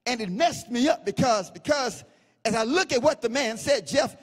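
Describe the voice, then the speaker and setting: A pastor preaching a sermon, swinging between sing-song chanting and shouts and repeating phrases for emphasis. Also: male voice, very high voice, expressive, moderate pace, big-room sound, faint music behind.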